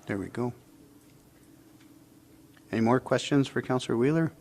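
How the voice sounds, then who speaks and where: A man mayor chairing a council meeting, brief and relaxed. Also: mid-range voice, normal speed, background noise.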